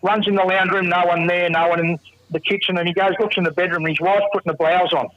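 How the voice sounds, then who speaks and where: A man's voice: high-pitched, level tone, fast talker, no echo. An Australian man calling in, telling a joke in a laid-back, rambling way. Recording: muffled phone line.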